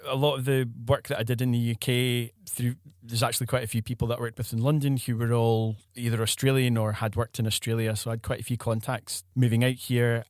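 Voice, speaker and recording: A Scottish man in his thirties, a podcast guest, telling stories in a relaxed way with plenty of fillers. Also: medium pitch, no room sound, studio quality. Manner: relaxed storytelling with many fillers. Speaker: guest, football filmmaker. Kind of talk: casual podcast chat.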